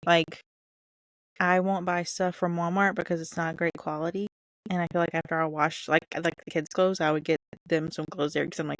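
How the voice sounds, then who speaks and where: A woman's voice: lowish voice, fairly quick, dry recording. Chatty Southern woman co-hosting a podcast. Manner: chatty, giggly, animated storytelling. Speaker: podcast co-host. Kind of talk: casual chat.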